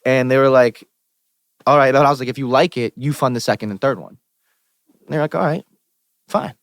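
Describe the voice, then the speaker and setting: A young man with a Pittsburgh accent, a musician guest telling stories on a podcast in an animated, profane way and acting out the people he quotes. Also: mid-range voice, brisk, no echo, studio quality. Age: young adult. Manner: animated, profane, quotes himself and others in lively asides. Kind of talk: casual podcast storytelling. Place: podcast studio.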